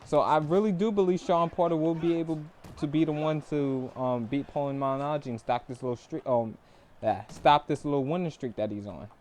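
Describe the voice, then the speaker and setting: A man's voice: a little high, a little fast. Young male streamer, easygoing talk about boxing, faint noise behind him. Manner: laid-back, breaks into laughter and loud bursts. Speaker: stream host and boxing commentator. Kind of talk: casual live-stream chat.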